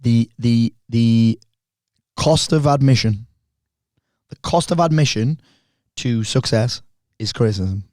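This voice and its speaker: A man, a podcast guest talking bluntly and fast, with lots of swearing. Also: mid-range voice, a little mellow, no echo. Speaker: podcast guest, speaker and coach. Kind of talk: candid conversation.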